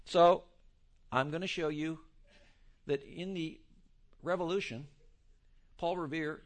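A man's voice: on the high side, slow pace, long pauses. A man preaching a sermon, wandering into joking asides as he goes. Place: church in Texas.

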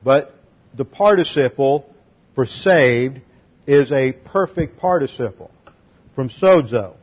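A man's voice: mid-range voice, expressive, slow pace, husky. Man, expository sermon, methodical teaching, muffled lo-fi sound. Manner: methodical, teaching Greek grammar point by point. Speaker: pastor. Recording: dull lo-fi sermon recording.

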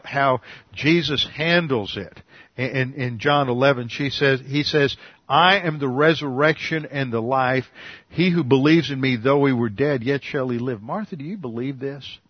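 A man preaching an expository sermon as a pastor, earnestly teaching and slowing down to stress key words. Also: medium pitch, husky, no echo. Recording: dull, lo-fi dry recording.

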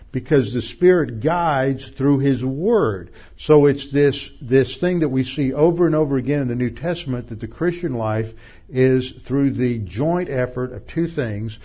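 A man preaching an expository sermon, explaining Greek terms step by step and mixing in everyday illustrations, on a dull lo-fi recording. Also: mid-range voice. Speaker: Bible teacher.

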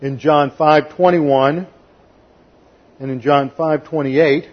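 A man's voice: fairly high pitch, fairly even intonation, slow, pauses often. A man preaching an expository sermon, methodical and emphatic, counting off numbered points to his congregation. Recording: dull lo-fi sermon recording.

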